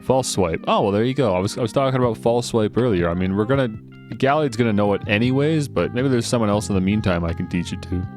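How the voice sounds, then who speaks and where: A man's voice: lowish voice, fast, a little mellow, faint music behind. A man giving casual, joking commentary while playing a video game. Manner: joking, chatty, laughs a lot. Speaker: let's play gamer.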